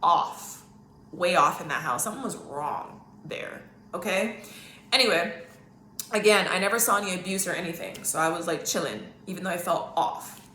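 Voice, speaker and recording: A candid woman host tells a story at home in a rambling, emphatic way, often checking in with "okay?". Her voice sits a little low but sounds bright and forceful. The room around her is echoey, with faint ambience behind her. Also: moderate pace, a little hiss or hum. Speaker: podcast host. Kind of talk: casual storytelling monologue.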